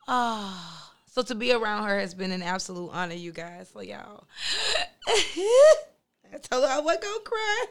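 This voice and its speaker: A woman co-host talks with loud, playful, high energy. Her voice is bright and forceful and sits fairly high. She tells her stories in a chatty, animated way. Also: normal speed, long pauses. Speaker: co-host and event host. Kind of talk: casual hype talk and storytelling.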